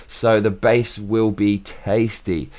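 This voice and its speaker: A man with a somewhat low voice, chatting to camera in a loose, rambling monologue. He bounces from thought to thought with excitable bursts and casual swearing, recorded at home. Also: slow. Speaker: vlog host.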